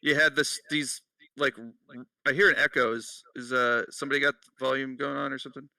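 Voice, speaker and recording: A man's voice: mid-range voice, little pitch movement, brisk, creaky, no echo, distant mic, low-quality recording. A man co-hosting a casual podcast, laughing often and swearing while he reads out notes. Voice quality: bright, laughing, profane. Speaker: podcast co-host. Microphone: headset.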